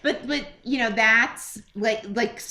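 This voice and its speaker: A woman's voice: a little high, takes it slowly, bright, forceful tone. A woman co-hosting a podcast, talking in a candid, self-mocking way with many fillers and restarts. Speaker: podcast co-host. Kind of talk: candid casual chat. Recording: roomy echo.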